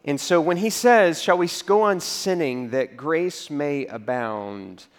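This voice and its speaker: A man preaching a sermon as a pastor, telling stories in a conversational way and dropping to a low voice to act out reactions. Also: animated, takes it slowly, clear, resonant tone.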